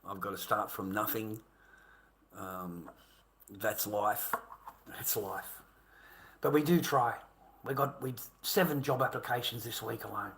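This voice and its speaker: A man's voice: lowish voice, fairly even intonation, unhurried, gravelly, long pauses, fairly bright tone. An Australian man in his fifties in a rambling, aggrieved monologue to camera, swearing and repeating himself. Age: 50s. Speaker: vlogger.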